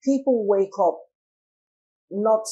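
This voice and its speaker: Nigerian woman, co-host, advising, measured. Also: medium pitch, dark tone, husky, muffled recording. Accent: Nigerian English. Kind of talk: studio chat.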